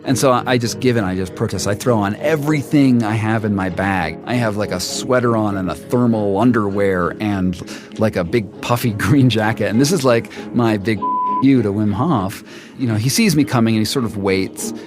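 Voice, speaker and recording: A journalist telling his own story in the first person, halting and restarting as he animatedly recounts events. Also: fairly low pitch. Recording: music underneath.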